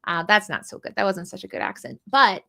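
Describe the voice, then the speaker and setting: A woman's voice: medium pitch, expressive, fairly quick, creaky, pushed and bright. A woman co-hosting a game tournament livestream, chatting casually with self-deprecating jokes. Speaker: tournament stream co-host.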